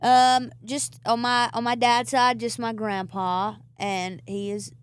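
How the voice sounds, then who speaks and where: A woman's voice: fairly high pitch, little pitch movement, takes it slowly, slight background noise. Candid Appalachian Southern woman. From rural Virginia. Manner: candid, rambling, self-interrupting, laughs easily. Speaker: guest songwriter. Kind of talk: casual interview chat.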